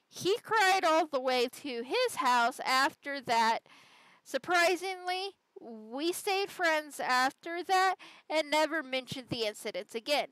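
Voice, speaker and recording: A woman reads an online story aloud for a podcast, chatting through it and adding her own asides. Her voice sits high and she takes her time with each line. The sound is close and dry, with no room around her. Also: animated, takes it slowly, a bit bright, dry recording, poor audio. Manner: conversational storytelling with side comments. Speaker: podcast host. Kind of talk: reading a Reddit story aloud.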